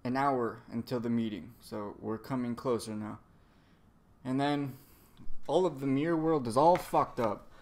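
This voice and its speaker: Dude slowly rambling about a manga chapter, swearing a ton, lots of um and like. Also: male voice, mid-range voice, a little mellow. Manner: slow, rambling, profane, trails off with fillers. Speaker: manga reviewer. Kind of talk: casual chapter recap.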